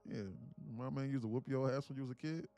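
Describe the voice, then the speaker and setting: Faint music plays behind a live-stream day trader as he reads comments from his chat aloud, cracking jokes and talking casually with plenty of profanity and slang. He's a fast talker with a medium-pitched, warm voice and fairly even intonation.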